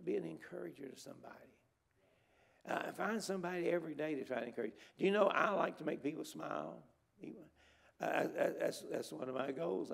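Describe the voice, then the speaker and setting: A middle-aged man delivers an emphatic sermon from a church pulpit. His voice is gravelly and pitched a little high. He exhorts the listeners and repeats key words to drive his points home. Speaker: preacher. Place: church sanctuary at a conference.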